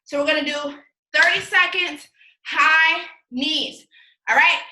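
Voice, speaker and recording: High, bright-voiced woman coaching a workout. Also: slow pace, reverberant, recorded from a distance, poor audio. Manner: energetic, counts reps aloud, cheers the viewers on. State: out of breath. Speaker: fitness instructor. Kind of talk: live-streamed workout coaching.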